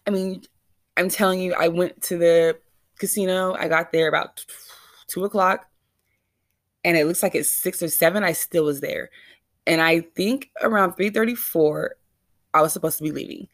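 A woman's voice: fairly low pitch, normal speed, pauses often, no room sound, studio quality. A woman vlogger telling a rambling, anxious, self-questioning story straight to her viewers. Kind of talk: casual confessional storytelling.

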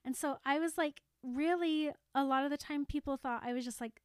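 A woman in her thirties, an animated podcast co-host who laughs easily while casually recapping a show. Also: high voice, fairly quick, no echo, clean studio sound. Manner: animated storyteller, laughs often.

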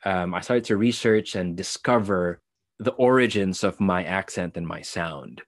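A man's voice: low-pitched, unhurried, no echo, clean studio sound. A young man with a Filipino English accent, speaking thoughtfully in an interview, expanding on his ideas with occasional self-corrections. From Philippines. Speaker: actor, interview guest. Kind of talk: conversational interview.

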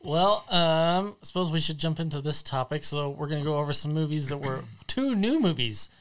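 Higher-voiced man, hesitant podcast co-host. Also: lively intonation, moderate pace. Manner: hesitant, filler-heavy lead-ins. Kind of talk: casual chat.

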